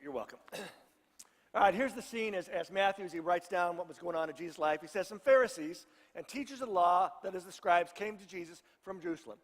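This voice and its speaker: A man's voice: high-pitched, brisk, in a large hall. A middle-aged male pastor giving a conversational sermon, joking with his congregation. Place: church sanctuary.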